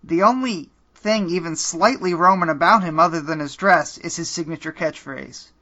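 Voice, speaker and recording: The speaker is a male podcast host guiding a comedic choose-your-own-adventure game with a deadpan, dry delivery that sometimes dissolves into laughs. His voice is a little high and bright-edged at a moderate pace; the recording sounds slightly muffled and lo-fi.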